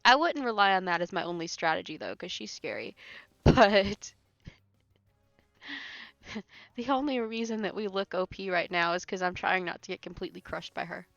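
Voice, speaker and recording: A woman's voice: mid-range voice, expressive, moderate pace, gravelly, a bit bright, no room sound. Laughing woman chatting on a game stream. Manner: laughs often, rambling with many fillers. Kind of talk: casual chat while playing a game live. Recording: dry, slightly muffled with faint music.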